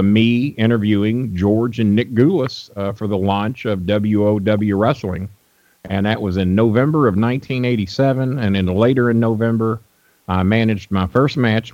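An older man with a low voice tells rambling, blunt stories on a radio show. His speech is full of fillers and restarts. The dry, dull lo-fi audio sounds like an old broadcast. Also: darkish tone, no echo. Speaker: guest wrestling manager. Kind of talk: storytelling in a radio interview.

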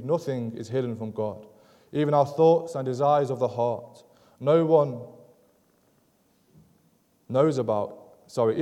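A man preaching a sermon in an earnest, measured way, driving points home through repetition. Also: mid-range voice, dark tone, in a large hall. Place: church sanctuary.

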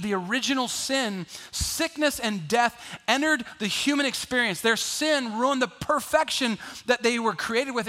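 A man preaching a sermon in a lively, conversational way, joking and acting out the people in the story. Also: very high voice. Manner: lively, conversational preaching with jokes and acted-out voices. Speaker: pastor.

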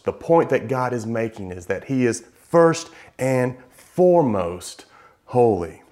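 A man's voice: mid-range voice, a little mellow. Emphatic male preacher giving a sermon. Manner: emphatic, slows down to stress repeated words.

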